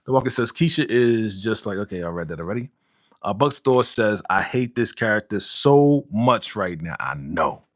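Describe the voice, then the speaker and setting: A man's voice: fairly low pitch, huge pitch swings, normal speed, fairly bright tone, dry recording, clean studio sound. A man hosting a casual live stream, reading viewer comments aloud and ranting heatedly with laughs in between. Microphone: studio podcast mic.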